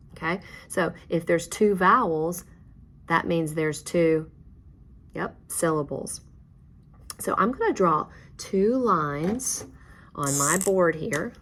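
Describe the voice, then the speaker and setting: A woman's voice: deep voice, a bit bright, slight background noise. A woman teaching a phonics lesson, guiding learners step by step with patient, encouraging praise.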